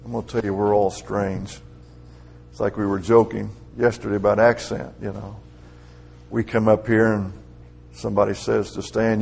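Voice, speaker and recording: A man's voice: lowish voice, fairly even intonation, normal speed, vocal fry, darkish tone, husky. A middle-aged man preaching a conversational sermon, building to emphatic, raised peaks.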